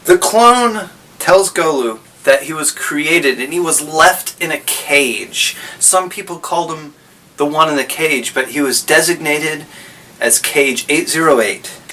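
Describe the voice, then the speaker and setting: A man's voice: on the high side, a little slow, pushed and bright, far from the mic. A man casually recapping a story, rambling and correcting himself as he goes.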